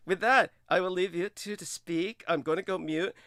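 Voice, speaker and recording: A man in his thirties hosting a casual livestream, effusive and full of hesitant fillers, with sudden high exclamations. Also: expressive, moderate pace, a bit bright, no echo, studio quality. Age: 30s. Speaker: show host.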